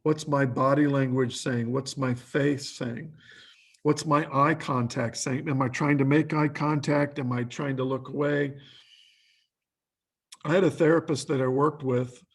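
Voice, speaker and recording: A man's voice: medium pitch, fairly even intonation, unhurried, creaky, husky. A man giving a training lecture who talks in lists of short questions and acts out quoted lines.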